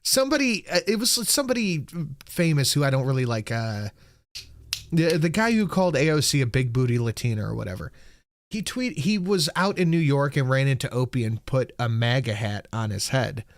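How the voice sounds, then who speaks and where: Co-hosting a casual political livestream, this man rants bluntly and profanely while reading out donations. His mid-range voice swings widely in pitch at a fairly quick clip, captured as clean studio sound with no room echo.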